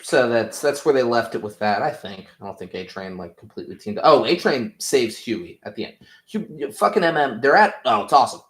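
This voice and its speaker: A man's voice: mid-range voice, lively intonation, fairly quick, a bit bright, roomy sound. A man casually recapping TV episodes as a review host, rambling and swearing freely with lots of "like" fillers. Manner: rambling, profane, heavy on "like" fillers.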